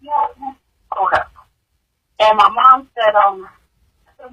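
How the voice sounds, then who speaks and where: A woman, a grieving mother, giving emotional personal testimony in an interview, halting and repeating words, her voice rising high in distress. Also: pushed and bright, husky, lo-fi sound.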